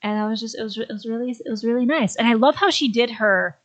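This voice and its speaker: A young adult woman telling a friendly, excitable story about meeting a favorite star in casual chat. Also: fairly high pitch, fast. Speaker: podcast guest.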